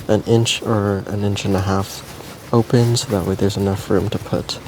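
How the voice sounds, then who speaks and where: Laid-back low-voiced man chatting. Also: normal speed, slight background noise. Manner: relaxed, meandering, frequent ums and likes. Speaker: plant care vlogger and plant seller. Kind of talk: casual chat while potting plants.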